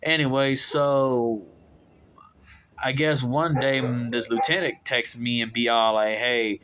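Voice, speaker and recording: A man's voice: steady tone, takes it slowly, fairly bright tone, slight background noise. A young man casually telling viewers a rambling story about his job, full of fillers, restarts and exasperated asides. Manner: voices his own quoted retorts in a sharply raised pitch. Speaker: vlogger telling a work story.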